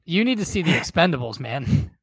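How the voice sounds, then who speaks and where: A man's voice: a little high, big pitch swings, fairly quick, husky, no echo. A young man co-hosting a casual podcast, wry and jokey, laughing often. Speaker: podcast co-host. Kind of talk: casual chat.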